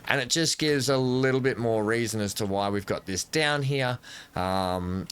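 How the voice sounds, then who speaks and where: Let's-play host, man, somewhat low voice, rambling self-correcting commentary into a desk mic. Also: fairly bright tone, a little hiss or hum. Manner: thinks aloud while building, self-correcting. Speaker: gameplay commentator.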